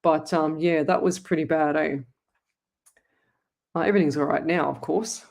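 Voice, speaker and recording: A woman's voice: low-pitched, steady tone, normal speed, gravelly, darkish tone. An Australian woman hosting a live psychic stream, chatting to viewers in a rambling, affectionate way. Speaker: psychic medium host. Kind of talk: casual live-stream chat.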